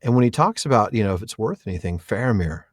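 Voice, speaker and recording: A man's voice: on the low side, expressive, fast, no echo. A middle-aged man co-hosting a podcast, chatting and explaining in an enthusiastic way. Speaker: podcast co-host. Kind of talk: casual chat.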